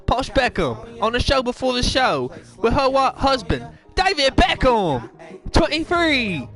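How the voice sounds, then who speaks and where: A man's voice: extremely high pitch, very animated, measured pace, a bit bright, exaggerated voice. A man doing a goofy impression of a rambling British celebrity footballer in a put-on accent that drifts from Cockney to Liverpool. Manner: rambling, goofy, self-correcting. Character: mock celebrity footballer hosting a pre-show, rambling and silly. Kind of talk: comedic impression monologue.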